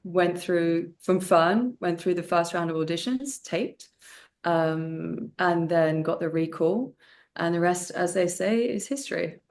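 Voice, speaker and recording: A young woman, an actress and martial artist, chatting in an interview, animated with many fillers and restarts. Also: lowish voice, measured pace, slight background noise. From United Kingdom. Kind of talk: casual interview chat.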